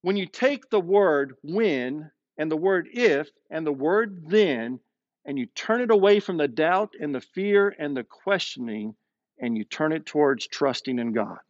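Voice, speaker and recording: A man's voice: no room sound, dull audio. Male pastor preaching a dramatic sermon. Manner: expressive preaching, slows down and drops low for emphasis. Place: streamed sermon with online chat.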